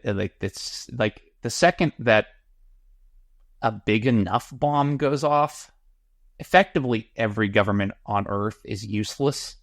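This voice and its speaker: A man co-hosting a podcast in casual discussion, halting and repeating words as he works out his thoughts. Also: on the low side, dry recording, studio quality. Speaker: podcast co-host.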